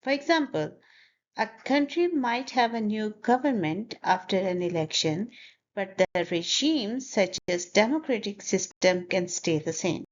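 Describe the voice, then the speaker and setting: A woman's voice: mid-range voice, animated, measured pace, highs cut off, a little hiss or hum. A woman teaching English pronunciation, carefully over-articulating words and repeating them for learners to copy. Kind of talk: slow, deliberate pronunciation lesson.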